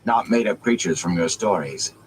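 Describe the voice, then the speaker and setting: A man's voice: sits low, animated, moderate pace, noisy background. A man voicing a big, good-humored young village man who talks plainly. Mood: friendly.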